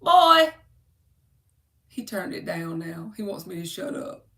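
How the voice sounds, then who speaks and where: A woman's voice: on the low side, steady tone, moderate pace, gravelly, distant mic. A woman doing a chatty, joking tarot reading for her viewers, calling them by name. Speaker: tarot reader. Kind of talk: casual live-stream tarot reading. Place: home room.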